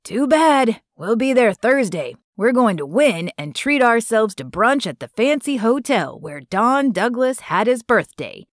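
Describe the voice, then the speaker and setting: A woman's voice: a little high, sing-song, unhurried, hardly any pauses, dry recording, studio quality. A woman voicing a chatty, teasing old man who is a town regular, read in a storybook audiobook. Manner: jovial, teasing.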